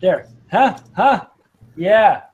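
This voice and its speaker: A man who reviews beer, chatting in a lively, exclamatory way on a video call. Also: sits high, extremely slow, highs cut off, a little hiss or hum. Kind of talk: casual group chat. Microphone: video call mic.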